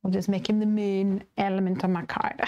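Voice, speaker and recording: A woman with a soft Northern Irish accent chatting casually while she makes cards on a live stream and answers viewer comments. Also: mid-range voice, fairly even intonation, moderate pace, highs cut off. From Northern Ireland. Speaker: live stream craft host. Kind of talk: casual chat while demonstrating card making.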